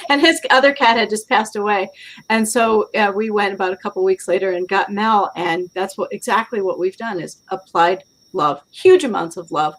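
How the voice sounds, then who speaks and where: A woman's voice: medium pitch, normal speed, fairly bright tone, poor audio. A woman hosting a live online summit, chatting in an upbeat, encouraging way over a video call and laughing easily. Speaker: host. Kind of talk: casual chat.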